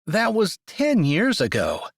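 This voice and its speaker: A man voicing an easygoing young male snowboarder in an audiobook, calm and reassuring. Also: high-pitched, takes it slowly, no echo, studio quality, voice pushed up, full character voice. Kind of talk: audiobook character voice.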